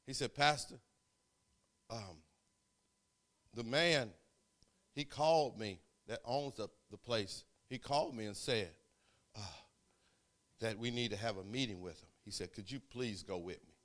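A man preaching, telling a story in a sermon, swinging from quiet asides to shouting. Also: lowish voice, unhurried, pauses often. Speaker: pastor.

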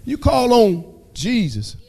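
A man's voice: very high-pitched, huge pitch swings, takes it slowly, gravelly, warm tone. A man giving a fervent church testimony with a repetitive preaching cadence.

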